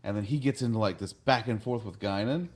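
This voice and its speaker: A man's voice: on the low side, brisk, darkish tone. A man hosting a podcast, casually retelling an episode and acting out the characters' lines. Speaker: podcast host.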